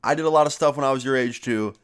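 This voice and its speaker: A man voicing a friendly small-town police officer who talks in a relaxed, kindly lecturing way. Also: medium pitch, very fast, smooth, close to an everyday voice. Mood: easygoing.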